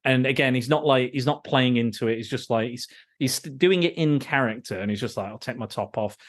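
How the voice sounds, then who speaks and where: A male podcast host in loose, casual film talk, ranting with plenty of swearing. He trips over his words and restarts often. His voice sits at an ordinary middle pitch. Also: fairly quick. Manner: ranting, profane, with frequent restarts.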